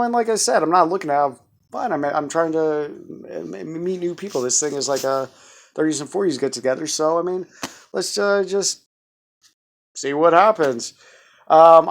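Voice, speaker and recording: A man's voice: on the high side, normal speed, gravelly. A man in his thirties giving a rambling, stammering vlog update in a jumpy voice. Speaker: vlogger.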